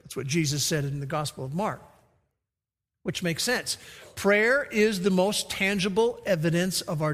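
A man's voice: sits high, fairly bright tone. A man preaching a sermon as pastor, emphatic, acting out the quoted lines. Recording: reverberant hall.

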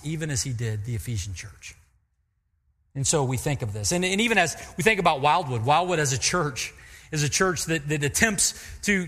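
Bright-voiced, high-pitched male preacher. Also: in a large hall. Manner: emphatic preaching with rhetorical questions and repeated phrases. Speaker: pastor. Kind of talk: sermon. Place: church sanctuary.

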